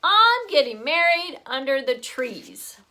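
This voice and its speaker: A woman reading aloud, voicing an excitable little boy who is eager and loud. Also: high voice, takes it slowly, voice pushed up, heavily acted. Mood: excited.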